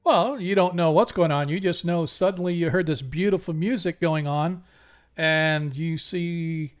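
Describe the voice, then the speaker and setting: A man's voice: a little high, measured pace, soft background music. A man running an online tabletop game as game master, casual and hesitant, often laughing.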